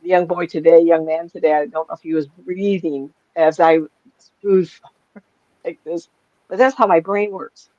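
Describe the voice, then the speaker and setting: A woman's voice: lowish voice, measured pace, dry recording. A middle-aged woman, a psychic medium, telling stories in a casual chat and acting out the voices of people she quotes. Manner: animated storyteller, acts out quoted voices. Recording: dull lo-fi sound.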